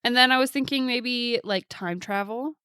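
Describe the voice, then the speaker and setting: Young woman host, congested, chatty and relaxed, dry sound. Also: on the high side, normal speed, clear, resonant tone, no echo. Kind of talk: casual group chat.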